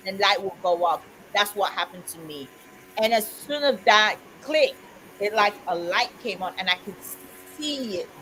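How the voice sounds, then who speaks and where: A woman's voice: mid-range voice, lively intonation, normal speed, a crowd in the background, poor audio. A woman in casual chat, telling a heartfelt personal story in an earnest way with frequent "you know"s. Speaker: co-host of a community chat stream.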